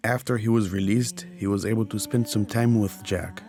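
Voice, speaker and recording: A man narrating a documentary in a calm, plain, scripted delivery. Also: lowish voice, moderate pace, faint music behind.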